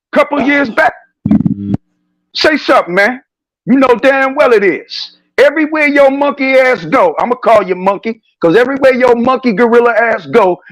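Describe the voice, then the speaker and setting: A man's voice: high voice, no echo, rough recording. A man in a heated live stream rant, preaching and calling people out in confrontational street talk over a call connection. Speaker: guest on a live stream show.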